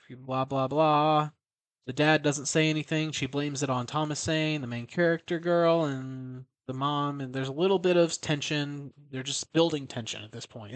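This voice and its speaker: A man's voice: a little high, a bit bright, no room sound. A man casually recapping a horror film, rambling, swearing and correcting himself as he goes. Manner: rambling, profane, self-correcting.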